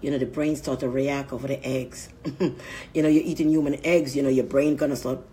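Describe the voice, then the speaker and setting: A woman's voice: rumbling low, steady tone, fairly quick, warm tone. A woman vlogger talking in a rambling, crude casual monologue, often laughing mid-sentence.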